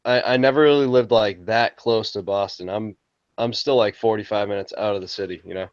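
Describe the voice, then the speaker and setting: Smooth, low-voiced easygoing man. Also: a little fast, no echo, dull audio. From Massachusetts South Shore. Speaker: chat participant. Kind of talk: casual late-night group chat.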